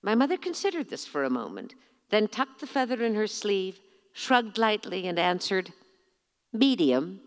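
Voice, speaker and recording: At a bookstore event, a middle-aged woman author reads from her memoir with a measured, expressive, theatrical delivery. Her voice is mid-range, and the sound carries a long reverb tail.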